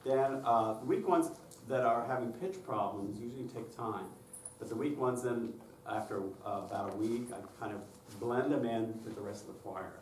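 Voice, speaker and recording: A man's voice: mid-range voice, moderate pace. Man lecturing on choir recruiting, roomy distant sound. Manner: explanatory, checks in with "okay?". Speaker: choir director presenting a workshop. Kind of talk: conference lecture with demonstrations. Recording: roomy and distant with faint noise.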